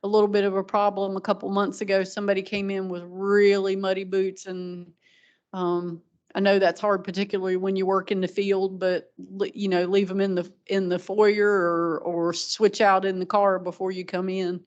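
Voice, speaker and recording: Woman with a flat, even delivery. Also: mid-range voice, moderate pace. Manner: practical, with frequent ums and restarts. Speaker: meeting organizer. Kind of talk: running a public meeting. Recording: dull lo-fi meeting recording.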